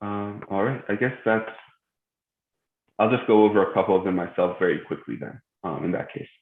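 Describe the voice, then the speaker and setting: Low-voiced man teaching over a tinny call. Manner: patient, many "um" pauses, spells out pronunciations slowly. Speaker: tajweed teacher. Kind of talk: online class instruction. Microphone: video call. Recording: tinny phone-like call audio in an echoey room.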